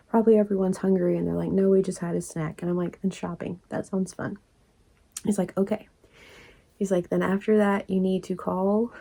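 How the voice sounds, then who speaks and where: Chatty woman, gravelly warm voice. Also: fairly low pitch. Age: 40s. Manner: rambling, chatty, laughs often, drops to soft asides. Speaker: crochet vlogger. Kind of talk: casual storytelling vlog.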